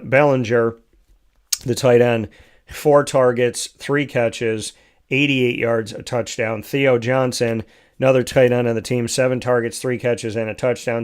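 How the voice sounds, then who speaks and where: A man hosting a solo fantasy football talk show, reading off player stats in quick lists and correcting himself as he goes. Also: mid-range voice, flat delivery, clean tone. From United States.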